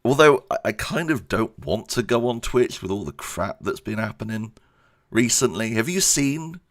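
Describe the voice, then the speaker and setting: A man's voice: lowish voice, lively intonation, normal speed. A man giving a casual channel update, rambling and self-deprecating, laughing often. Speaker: YouTube creator.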